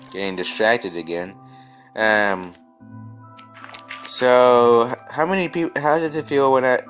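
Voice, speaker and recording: Young man, lowish voice, rambling gameplay chat, faint music behind. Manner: rambling, many restarts and stammers. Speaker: gaming vlogger. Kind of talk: casual chat while playing.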